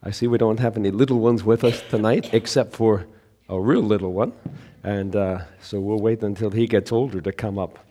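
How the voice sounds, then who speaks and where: A man preaching as a pastor at an evening church service, his voice hoarse from laryngitis, telling a story in a conversational way and building emphasis on key points. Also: fairly low pitch, steady tone, moderate pace, warm tone, a little hiss or hum. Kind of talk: sermon with a children's story.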